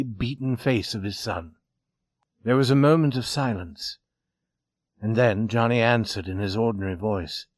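A man reading a story aloud as narrator, steady and expressive. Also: medium pitch, no echo, studio quality.

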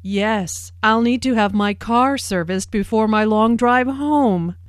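A woman's voice: mid-range voice, very animated, unhurried, a little mellow, dry recording, clean studio sound. A woman playing a friendly out-of-town visitor. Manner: friendly and light, clear. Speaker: visitor in a dialogue. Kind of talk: scripted language-lesson dialogue.

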